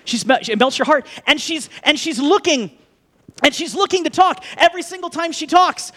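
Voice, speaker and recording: A man in his thirties, a pastor, giving a conversational sermon with lively asides and jokes to the congregation. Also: very high voice, normal speed.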